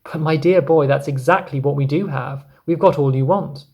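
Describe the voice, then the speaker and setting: A man voicing an old, wise male grasshopper who speaks in a sharp, emphatic way. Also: fairly high pitch, normal speed, gravelly, slightly rough, highs cut off. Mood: insistent.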